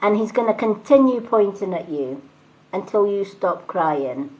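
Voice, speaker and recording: A woman's voice: mid-range voice, expressive, measured pace, darkish tone, rough recording. A woman giving a live spiritual reading, chatty and reassuring, often repeating phrases and asking "right?". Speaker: psychic reader.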